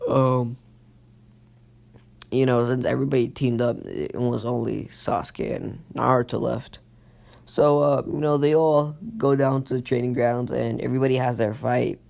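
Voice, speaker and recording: A young man telling an improvised fan story in a loose, rambling way, full of fillers and restarts. His voice is creaky and gravelly, at an ordinary middle pitch. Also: steady tone, normal speed, darkish tone. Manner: rambling, lots of fillers and self-corrections.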